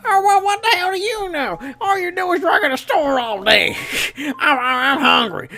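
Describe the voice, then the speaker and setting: A man voicing a loud, drunk, shirtless uncle who slurs and swears. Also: extremely high pitch, normal speed, gravelly, faint music behind, heavily acted. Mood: rowdy. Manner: slurring, rowdy, swearing.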